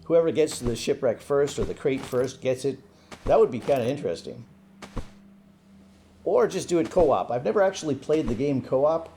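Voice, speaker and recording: Man, young adult, mellow low-key voice, casual gameplay commentary, faint background hiss. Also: moderate pace. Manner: relaxed, thinking aloud with fillers. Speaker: gaming commentator.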